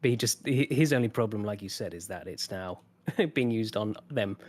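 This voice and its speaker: A man's voice: on the low side, expressive, normal speed, a little mellow. A man in casual podcast chat, easygoing and a little hesitant, with dry jokes. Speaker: podcast co-host.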